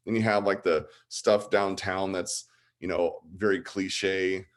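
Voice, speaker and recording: A man in his forties who grew up in Illinois, a guest on a casual podcast, talking in an animated, rambling, enthusiastic way. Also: deep voice, takes it slowly. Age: 40s. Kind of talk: casual interview chat.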